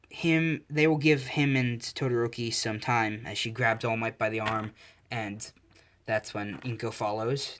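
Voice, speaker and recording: A man tells a fan-made story in a casual, off-the-cuff way. He stumbles and corrects himself as he goes. His pitch sits at an ordinary middle. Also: fairly bright tone. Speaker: narrator.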